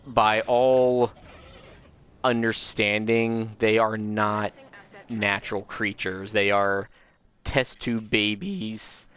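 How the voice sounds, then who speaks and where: A man's voice: lowish voice, a bit bright, slight background noise. Rambling man narrating gameplay. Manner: rambling, self-interrupting, enthusiastic. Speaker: gaming channel host. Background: game music.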